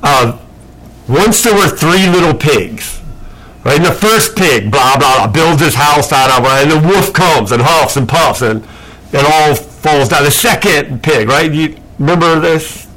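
Animated man teaching a Bible class. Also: on the high side, a little slow, rough recording. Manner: animated, lots of rhetorical questions and fillers. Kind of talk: casual classroom lecture.

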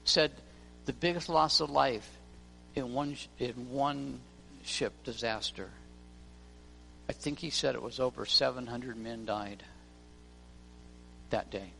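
This pastor speaks slowly in a mid-range, gravelly voice that is pushed and bright, pausing often as he preaches a church sermon full of stories in which he acts out each person's voice. The hall's long reverb and faint music are audible.

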